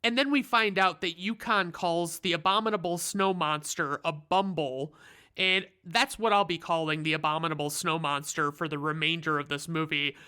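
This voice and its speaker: A man's voice: fairly high pitch, steady tone, moderate pace, sharp tone, clear, resonant tone. A man giving a comedic, sarcastic movie recap, rambling and swearing freely. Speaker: reviewer.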